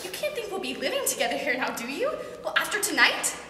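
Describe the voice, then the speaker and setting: Young actress as young newlywed bride, melodramatic, bright and piercing, heard from far off in a reverberant hall. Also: female voice, high-pitched, very animated, fast, exaggerated voice. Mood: dramatic. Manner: theatrical, breaks into laughter. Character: young bride, dramatic, quick to rage. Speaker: student actor. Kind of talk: stage comedy acting.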